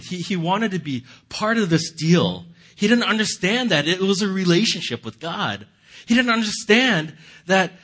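A man's voice: a little high, a bit bright, slightly rough. A man giving a casual, conversational sermon, often chuckling and restarting his sentences. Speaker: pastor.

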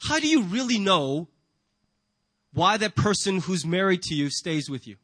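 Earnest high-voiced male pastor preaching. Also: sing-song, moderate pace, a bit bright, no echo. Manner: earnest, emphatic, asks rhetorical questions. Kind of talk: sermon. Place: church sanctuary with a congregation.

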